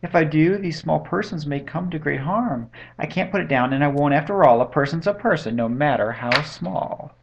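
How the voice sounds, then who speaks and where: A big, kind-hearted storybook elephant who speaks with earnest, pleading care, as a man reads him aloud. The voice is gravelly and grounded. The sound is dull and lo-fi, like a home webcam. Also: medium pitch, a little fast, close to an everyday voice. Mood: determined. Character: kind, loyal male elephant, big and gentle. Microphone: webcam mic.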